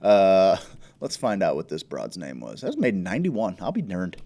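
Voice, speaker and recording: A lower-pitched man from Indiana hosts a loose livestream podcast, talking in a rambling way full of "uh"s and restarts, with the occasional curse dropped in. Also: big pitch swings, normal speed, gravelly, warm tone. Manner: rambling, filler-heavy, profane. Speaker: podcast host. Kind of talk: casual livestream chat.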